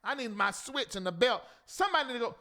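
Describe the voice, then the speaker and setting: A man hosting a live talk show, preaching and scolding theatrically with sudden shouts. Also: very high-pitched, animated, quick pace.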